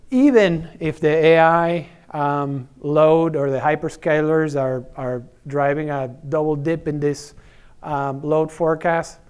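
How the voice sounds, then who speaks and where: A man's voice: on the high side, a little mellow, clear, resonant tone. A middle-aged man giving a conference presentation in a conversational way, with many fillers, repeated words and tag questions. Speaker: energy services executive presenting.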